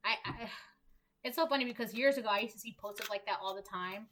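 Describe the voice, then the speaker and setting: A woman's voice: a little high, fast talker, a bit bright. A young woman giving a casual collective tarot reading, emphatic and repetitive, full of "like". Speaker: tarot reader.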